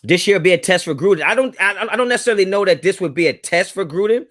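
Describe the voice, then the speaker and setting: Fast and animated, this man's high voice carries a fairly bright tone. As host of a live sports fan stream, he talks directly to his chat in a casual, emphatic way, hammering his points through repetition.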